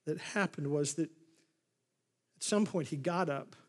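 A man's voice: fairly high pitch, measured pace, pauses often. A man preaching a sermon as pastor, retelling a Bible story and acting out the lines of the people in it. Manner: animated storytelling, acts out the scripture scenes. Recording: long hall reverb.

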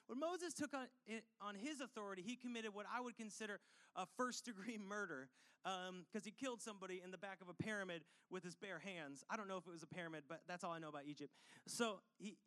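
A man with a notably high-pitched voice delivers a sermon as pastor. He reads scripture, then breaks it down in a loose, conversational way. He throws in jokey asides and checks in with his listeners. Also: expressive, brisk, fairly bright tone.

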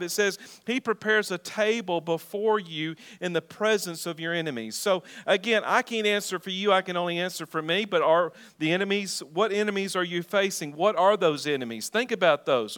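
A man's voice: high-pitched, fairly bright tone, smooth. A middle-aged male pastor preaching a sermon, reading scripture and putting questions to his congregation. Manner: preaching, asks the congregation questions and calls for responses.

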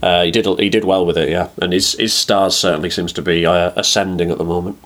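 A man with a fairly low voice chats casually about films on a podcast. He is measured and often hesitant as he starts his thoughts. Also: steady tone, a bit bright. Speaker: podcast co-host. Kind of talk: casual film review chat.

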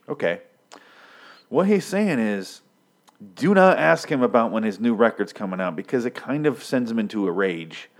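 A man giving a mock-serious, faux-scholarly breakdown of song lyrics in a deadpan comedic style. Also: mid-range voice, normal speed. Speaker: comedic commentator.

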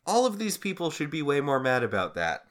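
A man's voice: fairly high pitch, huge pitch swings, fairly quick, a bit bright. A man co-hosting a casual recap chat, wry and questioning with dry humor. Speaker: podcast co-host.

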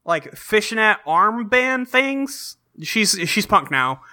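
A man's voice: high voice, very animated, takes it slowly, sharp tone. A man casually recapping a show episode on a podcast, swearing freely and acting out characters' lines for laughs. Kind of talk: casual chat.

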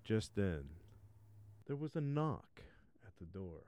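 A man with a lowish, smooth voice narrates a bawdy fairy tale. He breaks in with crude, swearing asides. His sound is dry and close to the mic. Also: very animated, takes it slowly, mellow, dry recording. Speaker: podcast host, storyteller. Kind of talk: profane comic fairy-tale retelling.

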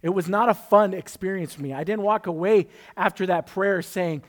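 A man's voice: sits high, a little fast, few pauses. A man preaching a conversational sermon, telling a personal story and joking with the congregation. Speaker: pastor.

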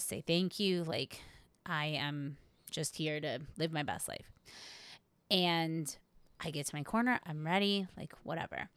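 A woman co-hosting a podcast, telling a story in a casual, lively way, swearing freely and acting out her own past thoughts. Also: on the low side, smooth, dry recording. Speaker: podcast co-host.

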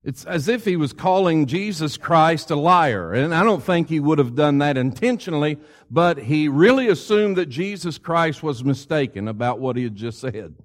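A man's voice: a little high, lively intonation, normal speed, hardly any pauses. A male preacher delivering a sermon, retelling scripture in a conversational, storytelling way.

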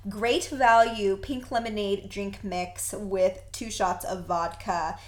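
A woman's voice: medium pitch, steady tone, takes it slowly. A woman co-hosting a podcast in casual chat, gushing and laughing often. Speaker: podcast co-host.

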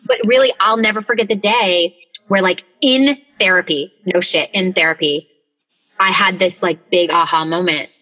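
A woman's voice: fairly low pitch, moderate pace, sharp tone, poor audio. A woman co-hosting a podcast, talking in a candid, emotional way, full of filler words and swearing freely, recorded from a closet. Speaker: podcast co-host. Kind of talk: casual conversation.

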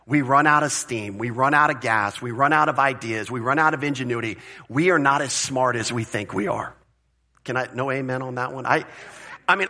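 Preaching to his flock in a medium-pitched voice, this pastor is forceful and lively, circling back to repeated phrases and posing questions to the congregation.

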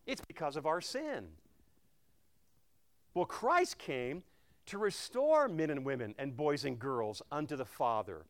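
A man delivers an evening sermon in a church. His voice sits a little high and swings widely in pitch. He repeats phrases and drops and lifts his volume to drive points home. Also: a little slow. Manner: expressive preaching, repeats key phrases, varies volume for emphasis. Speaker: preacher.

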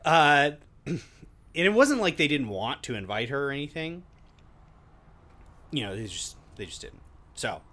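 A man's voice: mid-range voice, a little slow, long pauses. A man runs a casual podcast guessing game. His voice rises and falls a lot as he teases his co-hosts and laughs at his own stories. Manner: animated, teasing, laughs while telling stories. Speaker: host.

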